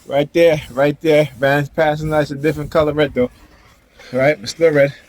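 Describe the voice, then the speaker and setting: A man's voice: a little high, little pitch movement, moderate pace. A man ranting defiantly to the camera outdoors in a casual, confrontational vlog, laughing now and then. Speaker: vlogger.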